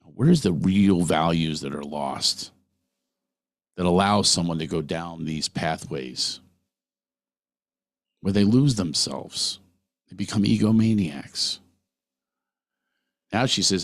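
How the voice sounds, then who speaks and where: A man's voice: sits low, measured pace, long pauses, no room sound. A middle-aged man hosting a podcast, talking earnestly through a personal monologue and putting questions straight to the listener. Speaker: podcast host.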